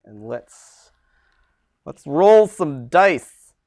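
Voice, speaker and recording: A man's voice: fairly high pitch, expressive, drawn-out words, darkish tone. A man hosting a live stream in casual chat, reading out names with a chatty manner.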